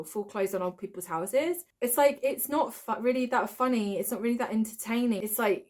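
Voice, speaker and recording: A woman hosting a reaction video, mocking a film with sarcastic, exasperated commentary and frequent swearing. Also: medium pitch.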